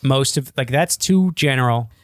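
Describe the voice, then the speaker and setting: A man's voice: mid-range voice, normal speed, dry recording, studio quality. A man co-hosting a podcast, bluntly teasing his co-host in casual banter and swearing often.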